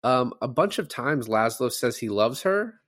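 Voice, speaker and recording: A man's voice: mid-range voice, big pitch swings, measured pace, fairly bright tone, no room sound, studio quality. A man co-hosting a podcast who chats casually about a film, retelling scenes with lots of fillers. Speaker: podcast co-host. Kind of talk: casual movie discussion.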